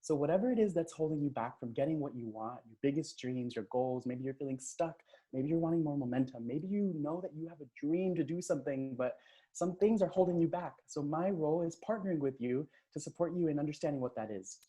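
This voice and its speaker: A man leads a live online coaching session, talking into a computer mic on a video call. He is upbeat and hypes up the chat with cheers and quick shout-outs. His voice is warm and mellow. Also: a little high. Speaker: transformational coach.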